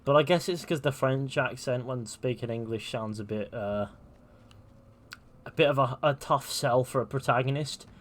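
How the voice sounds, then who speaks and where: A man's voice: medium pitch, normal speed. Chatty young male game streamer. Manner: chatty, offhand, swears. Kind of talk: casual commentary over gameplay.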